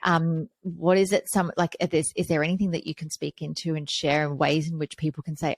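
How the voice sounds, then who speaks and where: Woman host, low voice, affirming interviewer, dry close sound. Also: level tone, fairly quick, hardly any pauses, no room sound. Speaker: podcast host. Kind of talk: casual interview conversation.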